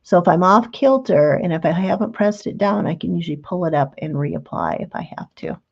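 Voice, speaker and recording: Female craft host, low gravelly voice, chatty and patient demo, dull lo-fi sound. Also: animated, brisk. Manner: chatty, patient, talks while working with hands. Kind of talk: relaxed step-by-step craft demonstration.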